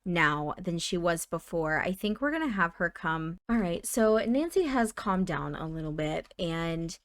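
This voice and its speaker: A woman's voice: on the low side, animated, measured pace, no echo. A woman hosting a let's play, narrating her game in a chatty way with dramatic exclamations. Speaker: gaming channel host.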